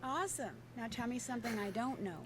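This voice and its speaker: A woman's voice: fairly high pitch, expressive, quick pace, over music, natural voice. An actress voicing a determined young woman detective in a video game, asking direct questions. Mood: probing. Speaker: game protagonist.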